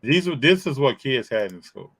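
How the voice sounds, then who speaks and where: A man from Chicago co-hosting a casual live-stream chat, animated and reading out viewer comments. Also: mid-range voice, normal speed. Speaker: co-host.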